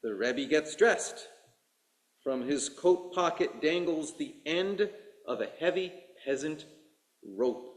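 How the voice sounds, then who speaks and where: A man, a rabbi, tells a story from the pulpit at an unhurried pace, his fairly high voice rising and falling with lively swings. The sound carries the echo of a roomy sanctuary around him. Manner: slow, expressive storytelling with voiced dialogue. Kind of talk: story read aloud in a sermon. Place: synagogue sanctuary. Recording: echoey room.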